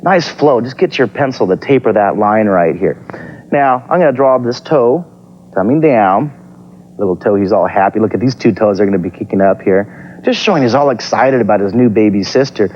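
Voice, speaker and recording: A man's voice: on the low side, expressive, moderate pace, a little hiss or hum. A man hosting a TV drawing lesson for children, talking upbeat and encouraging as he sketches step by step. Heard from a dull, lo-fi copy of a TV broadcast. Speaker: TV drawing teacher and host.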